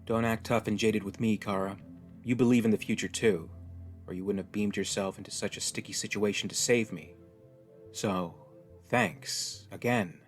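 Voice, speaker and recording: A man's voice: on the low side, normal speed, faint music behind, lightly acted. Hopeful Kryptonian hero, earnest and encouraging, voiced by a male storyteller.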